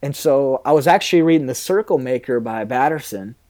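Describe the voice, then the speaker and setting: A man's voice: medium pitch, expressive, a little fast, warm tone. A man in his thirties, a pastor, talking candidly in a casual interview, rambling a little with fillers.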